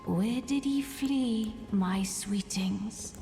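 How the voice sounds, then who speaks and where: A woman voicing a sorrowful queenly sorceress who dotes on rebirth, speaking in archaic words in a breathy half-whisper. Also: mid-range voice, drawn-out words, over music. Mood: coaxing whisper. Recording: game audio with long reverb.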